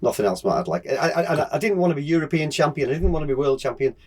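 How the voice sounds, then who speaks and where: A man's voice: a little high, animated, very fast, darkish tone, a little hiss or hum. A middle-aged man from England, a guest on an interview podcast, telling stories in a chatty, laughing way with many yeahs. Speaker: guest racer. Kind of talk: casual interview chat.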